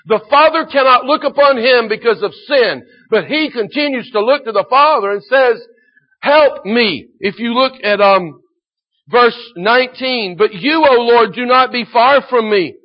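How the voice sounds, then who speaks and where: High-voiced preacher, dull lo-fi sound. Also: male voice, animated, unhurried. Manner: builds from hushed solemn reading to loud fervent preaching. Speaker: pastor. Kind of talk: sermon.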